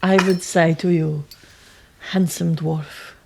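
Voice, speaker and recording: A woman's voice: deep voice, fairly even intonation, slow pace, gravelly, darkish tone, a little hiss or hum. A woman playing a tabletop game, playful and teasing. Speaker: player. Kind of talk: casual tabletop role-play.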